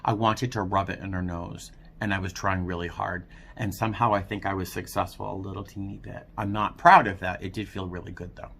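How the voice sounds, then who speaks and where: Guy doing a heartfelt self-critical vlog, quiet and earnest, ambient noise behind him. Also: low-pitched, little pitch movement, a little fast, creaky, few pauses. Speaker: vlogger. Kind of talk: personal confessional vlog.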